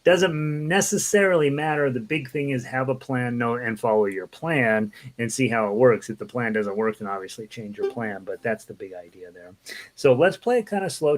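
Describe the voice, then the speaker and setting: A man teaching a casual online ukulele lesson, relaxed and chatty, counting beats aloud and singing lines along as he plays. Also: mid-range voice. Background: ukulele playing.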